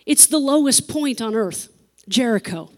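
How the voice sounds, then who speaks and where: A woman's voice: on the high side, lively intonation, a little slow. A woman pastor preaching an emotional sermon, repeating phrases for emphasis and laughing between lines.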